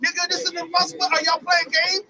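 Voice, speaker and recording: A man's voice: very high-pitched, little pitch movement, quick pace, crowd noise, pitched above the performer's own voice. A man voicing an old blind father who is suspicious and swears in street slang. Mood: alarmed. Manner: slangy, profane, frantic.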